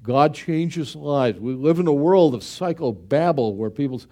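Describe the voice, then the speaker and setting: A middle-aged man preaching a sermon as pastor, emphatic, with dramatic swings in pitch and volume. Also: animated, normal speed, mellow.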